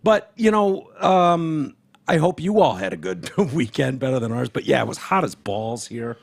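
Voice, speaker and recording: A man's voice: moderate pace, creaky. A tired man co-hosting a podcast in loose, profane casual chat. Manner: loose, profane, talks sports with animated swings in pitch. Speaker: podcast co-host.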